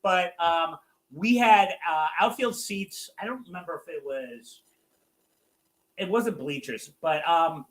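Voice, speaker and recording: A man's voice: a little high, takes it slowly, fairly bright tone, poor audio. A man guesting on a podcast, telling a story in a meandering, playful way. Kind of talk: casual storytelling.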